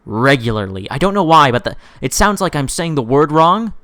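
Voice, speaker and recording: A man in his twenties ranting in an unscripted vlog, rambling and sarcastic, with sudden jumps in pitch. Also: lively intonation, brisk, a bit bright, smooth, no room sound, clean studio sound. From Canada. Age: 20s. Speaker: gaming YouTuber.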